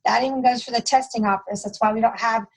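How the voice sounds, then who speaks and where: A woman trainer goes page by page through a testing manual for school staff. Her voice sits a little high, and her delivery is steady and instructional. She stops now and then to repeat the rules that matter most. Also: quick pace, low-quality recording. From United States. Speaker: test administration trainer.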